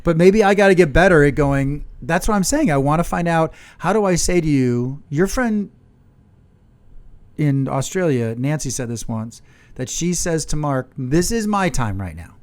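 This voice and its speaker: A man's voice: on the high side, normal speed, a little mellow, clear, resonant tone. A man co-hosting a podcast with his partner, talking earnestly about their fights and acting out both sides. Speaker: podcast co-host. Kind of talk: candid couple's chat.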